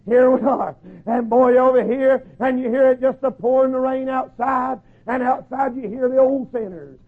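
A man preaching a sermon in a folksy storytelling way, acting out voices and shouting at the peaks. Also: very high voice, fairly even intonation, normal speed, breathy edge. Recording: tinny phone-like lo-fi recording.

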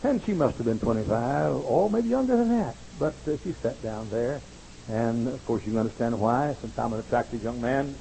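A man's voice: mid-range voice, animated, moderate pace, creaky, mellow, slight background noise, low-quality recording. A man preaching a sermon to college students, pressing his points through emphatic repetition and slipping into rambling, self-mocking stories. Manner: wry, rambling anecdotes with self-mocking asides.

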